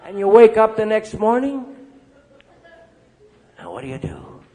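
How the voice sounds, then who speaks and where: An older man, a priest speaking at a recovery meeting, telling lively stories and checking in with the crowd as he goes. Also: sits high, measured pace. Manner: lively storyteller, acting out quoted voices. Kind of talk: recovery meeting talk to an audience.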